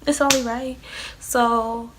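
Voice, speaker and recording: A woman's voice: a little high, level tone, slow, loud music behind the voice. A young adult woman casually telling a personal story, chatty and loose, swearing freely and filling her talk with "like" and "um". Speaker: vlogger.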